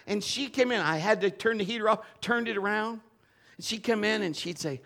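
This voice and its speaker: A middle-aged man preaching a sermon in a church, telling stories and acting out the quotes in lively voices. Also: sits high, brisk. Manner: animated storytelling with acted-out quotes. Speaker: pastor.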